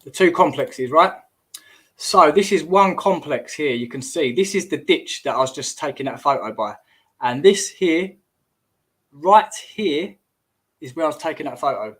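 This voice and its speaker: A man's voice: on the high side, expressive, unhurried, a bit bright, slightly rough. A man hosting a casual livestream, rambling and exclamatory, often trailing off and restarting mid-sentence. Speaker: host.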